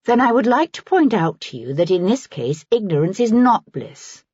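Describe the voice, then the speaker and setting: A woman voicing a proud, insistent young gentlewoman in an audiobook, speaking in a haughty manner. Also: medium pitch, big pitch swings, moderate pace, breathy edge, no room sound, muffled recording, pitched above the performer's own voice.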